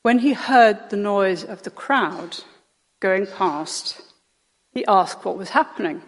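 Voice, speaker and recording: A woman reading a Bible story aloud in church, telling it slowly and dramatically. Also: mid-range voice, animated. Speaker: scripture reader. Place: church hall. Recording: long church reverb.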